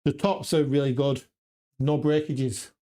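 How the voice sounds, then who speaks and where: A man's voice: medium pitch, level tone, unhurried, dark tone. A man on a casual live stream, practicing darts and muttering checkout numbers to himself, then chatting with viewers. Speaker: darts vlogger. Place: home darts room.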